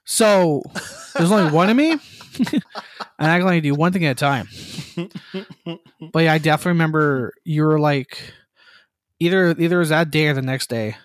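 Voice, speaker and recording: A man co-hosting a casual gaming podcast, telling animated stories and acting out quotes. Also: fairly high pitch, normal speed, pauses often, dry recording, studio quality. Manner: storytelling, animated, acts out quotes, laughs. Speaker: podcast co-host. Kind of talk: casual chat.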